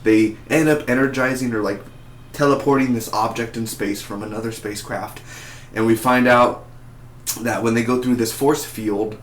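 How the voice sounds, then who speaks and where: A man's voice: mid-range voice, steady tone, normal speed. A man giving a casual, rambling spoken review of a TV episode, chatty and full of fillers and restarts. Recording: roomy echo.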